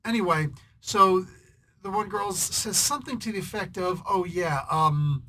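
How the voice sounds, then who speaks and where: This comic book reviewer speaks at a moderate pace in a high, sharp-toned voice. He wanders through his thoughts with casual irritation, sarcastic digs, and repeated throat clearing.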